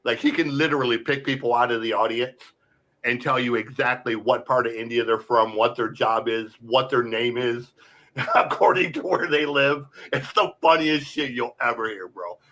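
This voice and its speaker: A man in casual podcast chat, telling stories in a rambling, excited way, full of "like" and "bro" and swearing. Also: mid-range voice, moderate pace.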